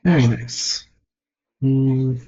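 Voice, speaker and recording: A man's voice: mid-range voice, drawn-out words, warm tone, lo-fi sound. A man thinking aloud and judging his own work as he draws, in casual narration. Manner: muttered, self-critical thinking aloud. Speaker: digital artist. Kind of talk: casual narration while drawing.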